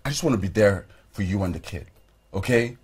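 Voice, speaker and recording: A man's voice: on the low side, animated, brisk, darkish tone, husky. A man playing an earnest man who insists on caring for a pregnant woman, talking in a pleading, defensive way. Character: earnest man, insistent, eager to care for her. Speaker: man trying to stay close to a pregnant woman. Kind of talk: film acting.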